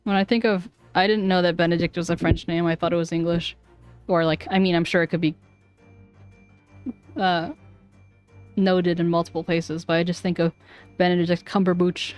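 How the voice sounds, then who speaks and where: A woman's voice: fairly low pitch, level tone, moderate pace, pauses often, darkish tone, smooth, soft background music. A woman streamer chatting casually in rambling asides to her viewers. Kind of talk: casual chat.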